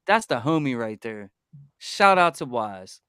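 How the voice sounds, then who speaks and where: A man hosting a livestream in casual chat, animated and repeating himself when excited. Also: medium pitch, a little slow, smooth, dry recording, clean studio sound. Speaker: livestream host.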